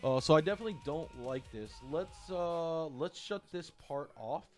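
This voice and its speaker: Middle-aged man, halting heartfelt stream chat. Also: on the high side, expressive, a little mellow, faint music behind. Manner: halting, repeats himself, heartfelt. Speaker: livestream gamer host. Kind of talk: casual livestream chat.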